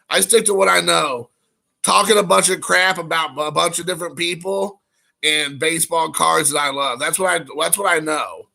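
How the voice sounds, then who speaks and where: A man's voice: sits high, creaky, sharp tone. A man hosting a casual live stream, rambling with lots of fillers and greeting viewers in chat. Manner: rambling, frequent fillers, reads chat aloud.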